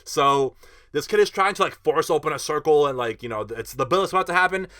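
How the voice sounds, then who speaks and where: A young man telling a festival story in a casual vlog, animated and slangy, with lots of fillers and swearing. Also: on the high side, quick pace.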